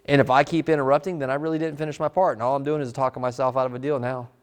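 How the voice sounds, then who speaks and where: A man teaching a live sales training class in a casual, animated way, slipping into short customer role-plays. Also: mid-range voice, rapid-fire. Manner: animated, conversational, drops into customer role-play.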